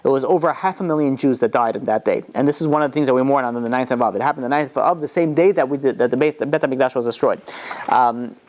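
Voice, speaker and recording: A man's voice: medium pitch, fast talker, a little mellow. A man, a rabbi, retelling a story in a loose, rambling way, full of fillers and restarts. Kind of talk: storytelling talk.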